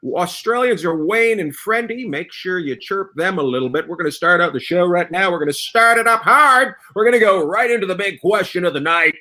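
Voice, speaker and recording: A man hosts a comedy quiz show over a video call. His voice is high and bright, with big swings in pitch, and he laughs constantly while egging his guests on. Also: expressive, fairly quick, hardly any pauses. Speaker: host of an online comedy panel show. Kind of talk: playful game-show hosting.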